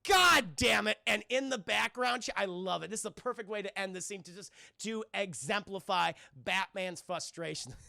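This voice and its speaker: A man giving a casual, profane, excitable scene-by-scene cartoon recap to a live chat, often laughing and acting out parts. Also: high-pitched, vocal fry, background noise. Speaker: streamer reviewing a cartoon.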